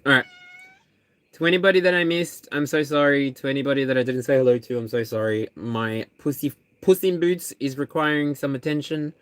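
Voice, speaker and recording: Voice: mid-range voice, fairly quick, few pauses, smooth, no room sound. An energy reader chatting candidly on a live stream, earnest and rambling, with restarts and ums along the way. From Australia. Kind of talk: casual live stream chat.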